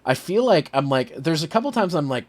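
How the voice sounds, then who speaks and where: A Canadian man hosting a casual stream chat, animated and joking. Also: on the high side, brisk. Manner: animated, laughing, trying silly voices. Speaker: streamer host.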